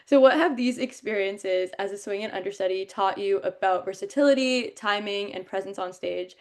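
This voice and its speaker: A woman's voice: mid-range voice, moderate pace, a little mellow. A woman hosting an interview show, talking in an upbeat, eager way and agreeing often with her guest. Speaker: podcast host. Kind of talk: casual interview chat.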